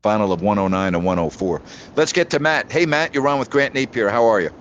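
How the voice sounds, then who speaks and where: A man's voice: on the low side, animated, fairly quick, dull audio, a little hiss or hum. A man hosting a sports radio call-in show, rambling chattily through scores and rhetorical questions. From New York.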